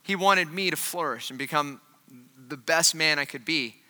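A man's voice: fairly high pitch, normal speed, sharp tone, big-room sound. A man preaching a sermon in a casual, joking, conversational way, full of fillers. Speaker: pastor.

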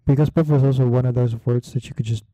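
A man hosting a casual solo talk, rambling with many fillers and pauses in a relaxed delivery. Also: mid-range voice, no echo. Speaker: podcast host.

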